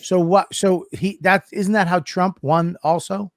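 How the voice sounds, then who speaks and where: A man's voice: sits high, steady tone, unhurried, no echo, studio quality. A man hosting a talk show, speaking in a crude, teasing, questioning way. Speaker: host. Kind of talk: casual talk-show chat.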